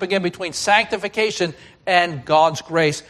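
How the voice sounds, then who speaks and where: Man preaching a sermon, slightly high voice. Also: a little fast. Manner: preaching with emphatic swings from loud to hushed. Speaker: pastor.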